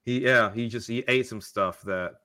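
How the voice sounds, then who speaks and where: A man co-hosting a horror podcast live stream, playful and laughing along, with quick restarts. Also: mid-range voice, sharp tone, no echo, studio quality. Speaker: podcast co-host. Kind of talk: casual live-stream chat.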